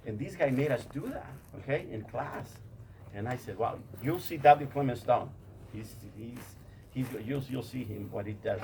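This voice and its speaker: A motivational speaker addresses a group as "you guys" in a repetitive talk, often stammering as he restarts sentences. His mid-range voice is a little mellow and moves at normal speed. The rough recording carries some hiss or hum.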